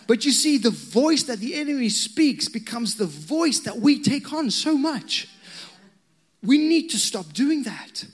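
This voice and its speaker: A man with a very high-pitched, husky voice delivers a sermon at an unhurried pace. As a pastor, he tells personal stories with animation and breaks off to chat with the crowd.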